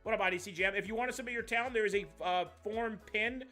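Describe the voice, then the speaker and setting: A young man, doing live-stream commentary, reacting to chat in a jokey, profane, animated way. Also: high-pitched, fast talker, soft background music.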